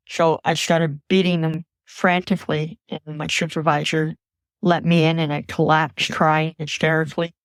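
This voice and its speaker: A woman earnestly recounting a frightening personal memory as a podcast guest, in a measured storytelling voice. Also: low-pitched, no echo.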